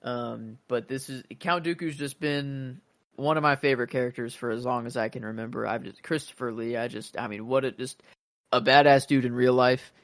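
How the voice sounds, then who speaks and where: A man's voice: medium pitch, fairly even intonation, normal speed, no room sound. Rambling man in casual podcast chat. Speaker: podcast co-host.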